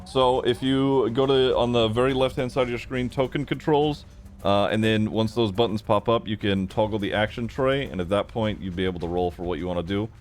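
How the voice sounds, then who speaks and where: A man's voice: fairly low pitch, brisk, a little mellow, soft background music. A man narrating a tabletop game as game master, hesitant, with many fillers.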